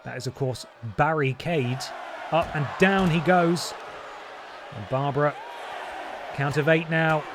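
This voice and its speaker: Streamer joking through wrestling commentary. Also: male voice, a little high, unhurried, long pauses, background noise. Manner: jokey mock-announcer delivery with asides. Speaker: gaming streamer. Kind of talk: playful wrestling commentary over gameplay.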